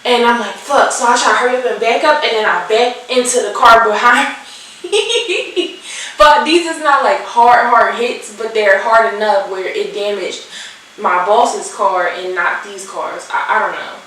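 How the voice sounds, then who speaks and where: Young Philly woman vlogger, animated and salty, a bit high, echoey room, set back from the mic. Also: unhurried, recorded from a distance. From Philadelphia. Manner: animated, swearing, acts out the people in her story. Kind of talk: storytime vlog while doing makeup.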